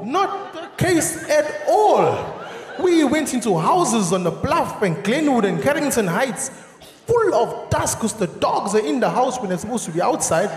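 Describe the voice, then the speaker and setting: A South African comedian in his thirties, talking high and with a wide swing in pitch as he acts out shouting neighbours. His voice rings through a big, echoey theatre hall with a long reverb tail. A faint audience can be heard behind him. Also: slight background noise. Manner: animated, acts out shouting characters, laughs at own jokes. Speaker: stand-up comedian. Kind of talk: stand-up comedy. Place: large theatre stage. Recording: roomy live theatre sound with audience.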